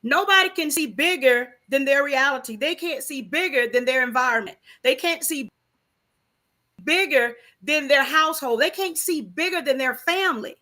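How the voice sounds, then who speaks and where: A woman's voice: sits high, normal speed, sharp tone. A woman in a casual, faith-based conversation, talking emphatically and preachily with many rhetorical questions.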